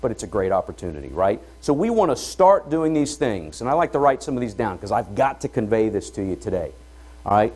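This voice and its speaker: A middle-aged man opens a conference from the stage, his pitch rising and falling freely as he talks. He keeps it conversational and energetic, checking in with the room as he goes. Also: fairly quick, hardly any pauses. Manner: energetic, conversational, asks "all right?" to the room. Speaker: event host and entrepreneur. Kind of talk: conference opening talk. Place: conference hall before an audience.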